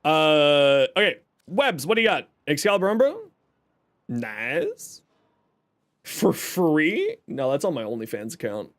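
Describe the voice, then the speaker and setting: Young man, game streamer, casual chat, joking, animated pitch. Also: measured pace. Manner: chatty, jokey, reads chat aloud and explains builds.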